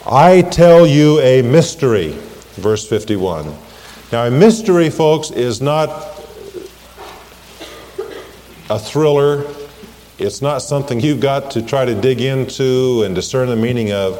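A man preaching a sermon, earnest, slowing down and rising in pitch when he quotes scripture. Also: warm tone, in a large hall. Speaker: pastor.

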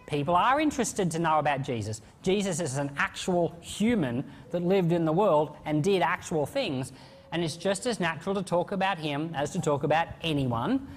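A man preaching a sermon in an animated, conversational way. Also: on the high side, long reverb tail. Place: church.

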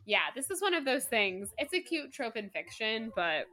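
A woman co-hosting a casual podcast about books and movies, animated, laughing often and slipping into playful impressions. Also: a little high, moderate pace. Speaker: podcast co-host.

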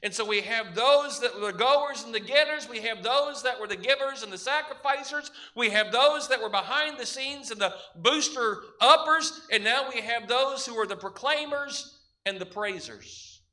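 A man's voice: very high-pitched, normal speed, bright, forceful tone. A man preaching a sermon as pastor, emphatic, building his points through repeated parallel phrases.

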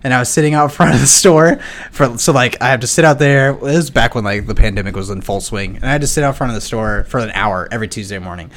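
A man's voice: mid-range voice, quick pace, fairly bright tone. A man co-hosting a casual podcast, telling stories with quoted voices and a lot of laughing. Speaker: podcast co-host. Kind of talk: casual chat.

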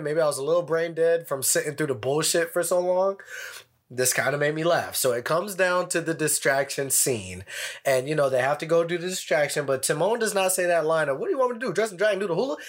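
A man co-hosting a casual podcast, telling stories with lots of laughing and swearing. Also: on the high side. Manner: animated, laughing, profane storytelling. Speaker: podcast co-host. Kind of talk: casual chat.

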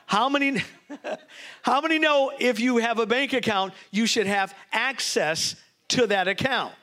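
A man with a notably high-pitched voice preaches a sermon. He leads the congregation in call-and-response and gets openly excited over his points, mixing jokes into the teaching. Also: unhurried. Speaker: bishop preaching.

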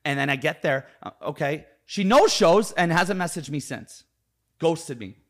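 A man's voice: fairly high pitch, animated, normal speed. A man from Canada, a podcast guest, telling a story in casual chat, acting out quotes and swearing a lot.

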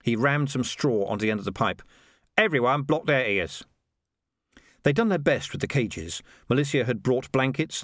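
Brief: male narrator, expressive and lively storyteller, dry studio read. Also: medium pitch, dry recording. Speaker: audiobook narrator. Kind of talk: scripted narration.

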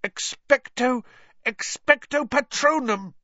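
A man voicing a desperate teenage boy wizard, shouting and pleading under strain. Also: very high voice, slow pace, dry recording, highs cut off, voice pushed up, full character voice. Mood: frantic.

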